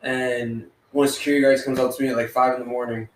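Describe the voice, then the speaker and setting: A man, co-hosting a podcast and telling a story in a laid-back, unhurried way. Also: mid-range voice, flat delivery, recorded from a distance, a little hiss or hum. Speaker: podcast co-host. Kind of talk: casual chat. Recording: echoey room, a bit away from the mic.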